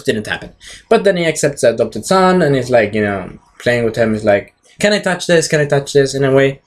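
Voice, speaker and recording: A man giving a rambling, casual movie recap, jumping around and swearing now and then. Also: medium pitch. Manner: rambling, jumps around, frequent fillers and swearing. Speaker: movie reviewer.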